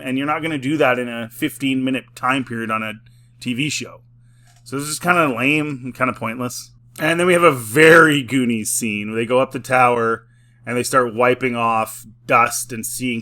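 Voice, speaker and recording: Bright-voiced man rambling a casual review. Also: mid-range voice. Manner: rambling, full of "like" fillers, chuckles often; mocking, sarcastic. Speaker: film and TV reviewer.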